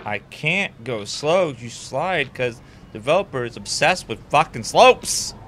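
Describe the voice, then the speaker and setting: A young male gamer commentates slowly over his play, in a bright voice whose pitch swings widely. He swears constantly and snaps into sudden angry outbursts. Faint background noise sits under him. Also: animated. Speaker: game streamer. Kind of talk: frustrated gameplay commentary.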